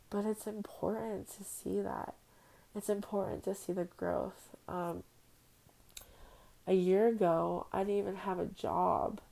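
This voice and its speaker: Gravelly, slow-talking woman podcaster. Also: fairly low pitch, darkish tone, poor audio. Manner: heartfelt, rambling, emotional. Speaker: podcast host. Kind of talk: personal monologue. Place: at home on a bed. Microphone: phone.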